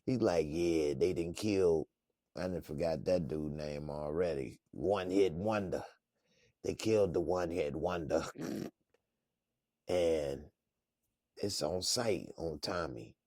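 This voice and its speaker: A man casually reacting to a TV episode in slangy, laid-back talk with lots of laughter and animated retelling. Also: low-pitched, takes it slowly, pauses often, dry recording, clean studio sound. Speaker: reviewer.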